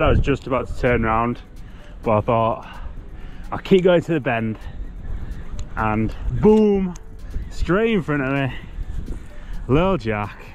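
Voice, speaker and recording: A man's voice: a little high, slight background noise. A young man talking casually to camera while fishing outdoors on a canal bank, muttering to himself and swearing mildly. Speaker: fishing vlogger. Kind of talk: casual vlog commentary.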